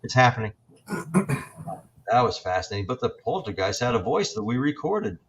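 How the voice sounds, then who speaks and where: A man in his sixties, a paranormal investigator, telling his experiences in a halting, reflective way with many fillers and restarts. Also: medium pitch, very animated, slight background noise. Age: 60s. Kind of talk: storytelling in an interview.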